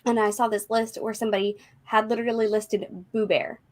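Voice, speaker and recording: A woman's voice: on the high side, little pitch movement, fairly quick. Easygoing woman in casual chat. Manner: easygoing, lots of "like". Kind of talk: casual group video chat.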